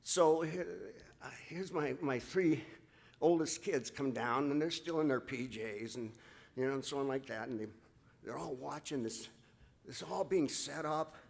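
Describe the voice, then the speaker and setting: A man's voice: mid-range voice, gravelly. Emotional man giving a ceremony speech. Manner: halting, with frequent restarts, addresses the crowd as folks. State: emotional, voice catching. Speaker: ceremony speaker presenting an inductee.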